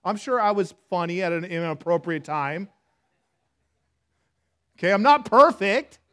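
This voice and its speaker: A man preaching a sermon in a church, talking to the congregation conversationally, self-deprecating, swinging from hushed to loud. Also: high-pitched, lively intonation, unhurried, smooth. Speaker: pastor.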